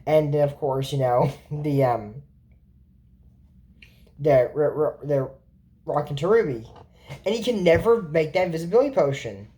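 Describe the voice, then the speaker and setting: A woman with a somewhat low voice talks her way through a cartoon episode for her channel at home. She rambles and circles back, filling gaps with fillers. It is an unscripted, chatty recap. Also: animated, measured pace, long pauses, dark tone. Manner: rambling, with many fillers and restarts. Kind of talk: casual recap commentary.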